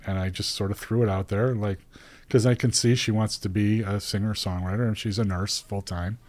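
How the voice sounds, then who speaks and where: A man's voice: on the low side, fairly even intonation, brisk, a little mellow, low-quality recording. A middle-aged man telling a long personal story in a casual, rambling way, often laughing as he talks.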